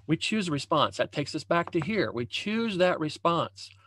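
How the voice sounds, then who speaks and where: Higher-voiced man coaching over a video call. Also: very animated, moderate pace, a bit bright. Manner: conversational, repeats phrases and restarts often. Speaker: leadership and success coach. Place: home room with a banner hung as backdrop.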